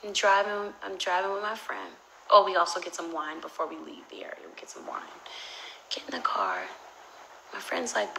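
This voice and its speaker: Animated profane young woman on a livestream. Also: lowish voice, moderate pace, vocal fry, a little hiss or hum, poor audio. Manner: animated and profane, swinging between loud outbursts and whispered asides. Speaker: social media personality on a livestream. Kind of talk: casual livestream storytelling. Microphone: phone.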